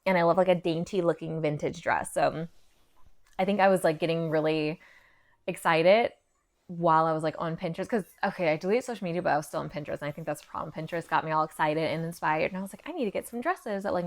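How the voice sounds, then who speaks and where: A woman's voice: on the low side, fast talker, gravelly. A young woman chatting casually through a thrift haul, full of "like" fillers and a little out of breath. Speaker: fashion vlogger.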